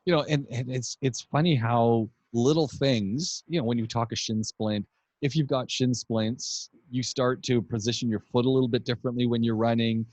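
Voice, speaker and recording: A man hosting a podcast, telling relaxed, rambling anecdotes in casual chat. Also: medium pitch, normal speed, no room sound. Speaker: podcast host. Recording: dull dry podcast audio.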